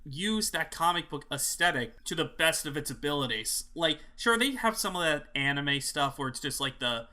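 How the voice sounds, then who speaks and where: A man co-hosting a casual review chat, relaxed and talking with lots of fillers. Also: fairly high pitch, normal speed, hardly any pauses. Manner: relaxed, chatty, filler-heavy. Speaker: co-host.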